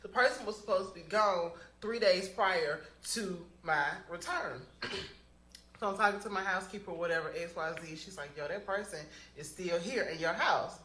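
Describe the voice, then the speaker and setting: A woman's voice: fairly low pitch, moderate pace, sharp tone. A woman telling her own story in a clip, ranting with indignation and cursing. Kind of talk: story told in a viral video clip. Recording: echoey room.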